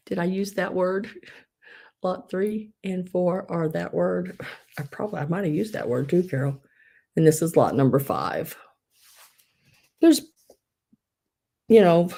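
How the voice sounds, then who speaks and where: A low, mellow-voiced woman chats her way through a live online sale. She rambles, restarts her sentences and fills gaps with ums, and her breath is a little wheezy. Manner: rambling, many fillers and restarts. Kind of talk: casual live sales chat.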